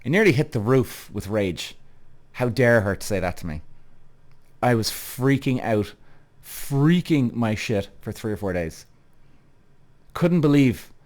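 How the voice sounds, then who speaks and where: A man in his thirties hosting a podcast, ranting heatedly with frequent swearing and repetition, speaking straight to his listeners. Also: lowish voice. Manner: heated, swearing, repeats himself, addresses listeners as guys. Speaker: podcast host. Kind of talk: animated solo podcast rant.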